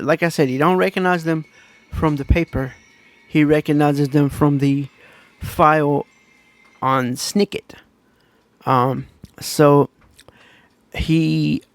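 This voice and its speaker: A man's voice: fairly high pitch, vocal fry, no echo. A man giving a casual book review, retelling the plot in a rambling, loose and conversational way.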